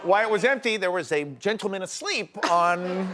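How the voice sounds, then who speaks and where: A middle-aged man, a guest on a talk show, telling animated stories full of self-deprecating jokes. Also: sits high, normal speed. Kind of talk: casual chat. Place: TV studio. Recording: noisy TV studio.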